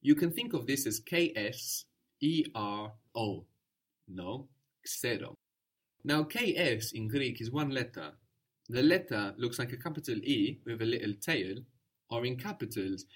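Male tutor, patient and encouraging, mid-pitched voice, explains step by step. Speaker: language teacher. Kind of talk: spoken language lesson.

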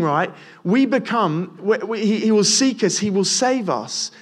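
A man's voice: high voice, expressive, a little slow, hardly any pauses. A young man preaching a casual sermon, talking to the listeners conversationally with frequent restarts and repeated words.

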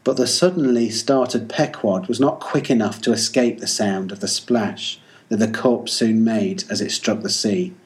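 A man narrating a classic sea novel in an even, measured storytelling manner. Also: lowish voice. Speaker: audiobook reader. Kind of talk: literary audiobook narration.

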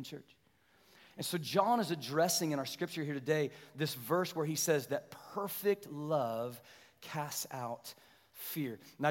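A middle-aged man preaching a sermon in a church sanctuary, his voice pitched high and carried by a long hall reverb. He tells stories with lively energy and slows down to hammer home his points. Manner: animated storytelling, then slower emphatic preaching. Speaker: pastor.

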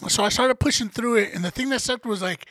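A man's voice: very high-pitched, fast, dry recording. A man co-hosting a podcast, telling a story in casual, profane chat and acting out what people said. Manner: animated, profane, acts out quotes. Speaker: podcast co-host.

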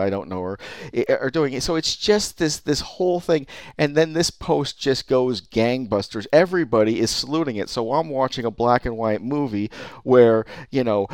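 Low, smooth-voiced man ranting on a podcast. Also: no echo, clean studio sound. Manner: ranting, profane, full of fillers and restarts. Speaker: podcast host. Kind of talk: rambling podcast monologue.

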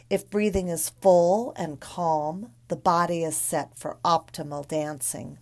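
Calm woman reading a dance guide. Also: lowish voice. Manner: calm, measured instructional reading. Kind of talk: reading a book aloud.

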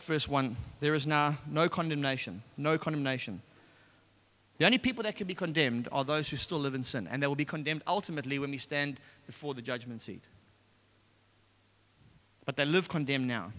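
A man preaching a sermon and telling a personal testimony, talking in an animated way with many restarts. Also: on the high side. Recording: echoey hall.

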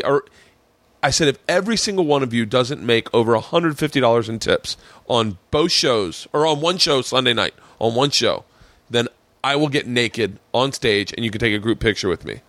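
Animated profane man telling a story. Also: medium pitch, dry recording. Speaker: podcast host. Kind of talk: casual storytelling chat.

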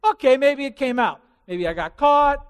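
High-voiced male preacher in a reverberant hall. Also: normal speed. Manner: animated, acts out quotes and scenarios. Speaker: pastor. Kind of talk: sermon.

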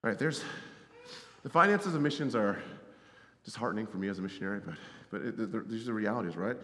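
A man preaching a sermon as a missionary, in a conversational way, often checking in with "right?" and swinging from loud to hushed. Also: fairly low pitch, lively intonation, fast. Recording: roomy hall reverb.

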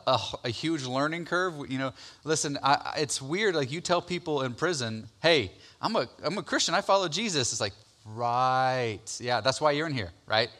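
A man in his thirties with a mid-range voice preaches a personal testimony sermon in a casual, conversational way. As a pastor retelling his story, he uses plenty of fillers and repeats himself, getting louder and more excited.

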